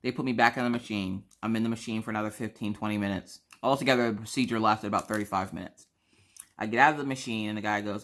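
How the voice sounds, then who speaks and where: A craft vlogger from South Carolina talks fast in an extremely low-pitched voice with a mixed Southern accent. Chatting casually, she tells a story and animatedly acts out the other people in it.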